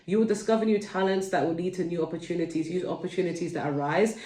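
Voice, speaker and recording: A woman's voice: on the low side, fairly even intonation, quick pace, mellow, echoey room, recorded from a distance. A woman with a London accent giving a casual tarot reading at home, chatty and digressive, speaking straight to her viewers. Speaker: tarot reader.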